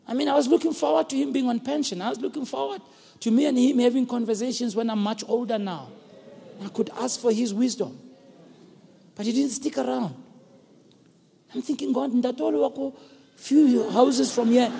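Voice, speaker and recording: A South African man preaching a sermon as pastor, earnest and building to emphatic shouts. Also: very high voice, moderate pace, creaky, slight background noise. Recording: long hall reverb.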